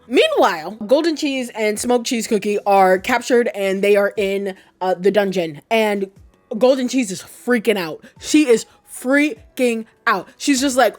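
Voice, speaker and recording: A woman's voice: a little high, lively intonation, normal speed. A woman casually explaining game lore with rambling, profane, jokey asides. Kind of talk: casual chat.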